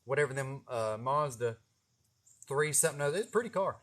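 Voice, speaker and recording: The speaker is a young man vlogging at a fairly quick pace in a medium-pitched voice. His casual story wanders, laced with profanity and his own laughter at himself.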